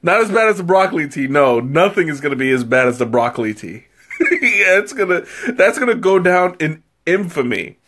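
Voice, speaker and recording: A man's voice: fairly high pitch, sing-song, normal speed, fairly bright tone. A man tasting tea on a live stream in casual, rambling chat. He giggles often, mocks himself and has a runny nose from spicy tea. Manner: giggly, rambling and self-mocking.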